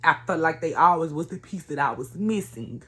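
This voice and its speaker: Woman, low voice, earnest vlog testimony, chatty and direct with viewers. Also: animated, brisk, a bit bright. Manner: earnest, conversational, addresses viewers as y'all. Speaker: vlogger sharing a personal testimony. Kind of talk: emotional personal storytelling to viewers.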